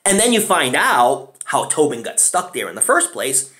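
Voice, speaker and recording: A man giving a casual, rambling film review, chatty and often clearing his throat. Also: medium pitch, very animated, moderate pace, bright, forceful tone. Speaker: movie reviewer.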